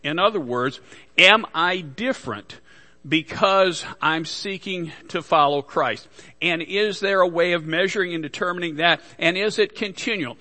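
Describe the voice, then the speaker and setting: A man's voice: sits high, normal speed, pushed and bright. A man preaching a sermon as pastor, earnest and repetitive, teaching point by point with small restarts. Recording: long hall reverb.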